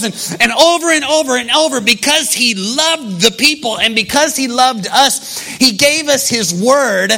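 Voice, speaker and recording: Bright, high-voiced male preacher. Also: normal speed, creaky. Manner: conversational, animated storytelling. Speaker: pastor. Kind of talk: sermon.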